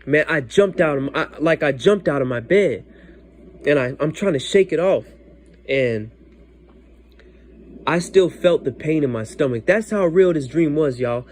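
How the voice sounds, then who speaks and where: A man's voice: fairly high pitch, moderate pace. A man telling a dream story to his viewers in a casual, emphatic way, repeating himself and often turning to address them directly.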